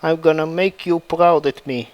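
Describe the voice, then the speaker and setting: A man's voice: a little high, fairly even intonation, normal speed, no room sound, close to an everyday voice, poor audio. A man voicing a grieving, fierce young woman fighter, read aloud in a plain fan story narration.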